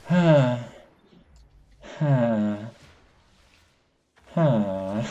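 A young man talks through an online shooter match, joking at his own bad aim and crying out in surprise. His voice is dark and mellow in tone, yet it swings widely up and down in pitch as he reacts. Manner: playful, exclaims "oh my goodness", chuckles at himself. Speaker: gaming channel host. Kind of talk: casual gameplay commentary.

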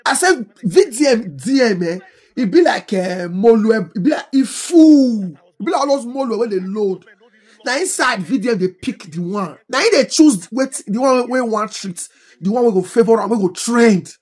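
A middle-aged woman with a Nigerian Pidgin English accent, delivering impassioned political commentary in an animated, scolding way, full of rhetorical questions. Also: on the high side, normal speed, slightly rough. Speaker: social media commentator.

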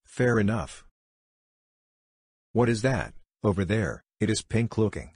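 Casting: man voicing young male hero, very low husky read. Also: sing-song, a little slow, darkish tone, no room sound, clean studio sound, heavily acted. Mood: casual.

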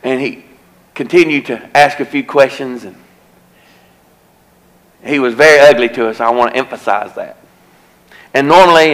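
A man's voice: fairly high pitch, fairly bright tone, rough recording. A male evangelist, preaching a revival sermon in a church and telling a folksy story that grows into an earnest warning. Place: church sanctuary.

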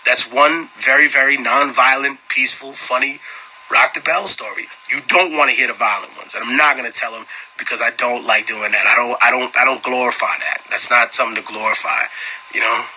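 A man talks straight into his phone on a livestream and answers fans in loose, casual chat. His voice is bright and sharp-edged but husky underneath. He tells profane, animated stories and breaks into laughter often. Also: medium pitch, a little fast, rough recording. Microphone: phone camera.

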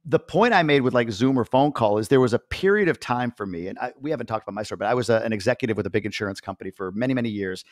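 A man in his forties hosting a podcast interview, chatty and animated, acting out quoted voices. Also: medium pitch, rapid-fire, hardly any pauses, no room sound, clean studio sound. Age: 40s. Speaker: podcast host. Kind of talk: casual interview chat.

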